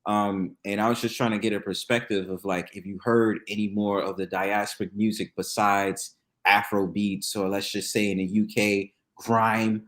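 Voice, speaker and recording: A man hosting a casual talk show, telling stories in lively, slangy speech and laughing often. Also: on the low side, moderate pace. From New York. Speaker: podcast host. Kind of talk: casual chat.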